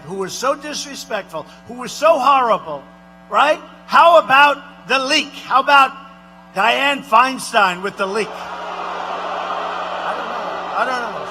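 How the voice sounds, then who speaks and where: A man doing an impression of a boastful male president giving a rambling rally speech, repeating himself and shouting out punchlines. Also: very high-pitched, a little hiss or hum, full character voice. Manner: repetitive, rambling, bragging, with sudden shouted lines.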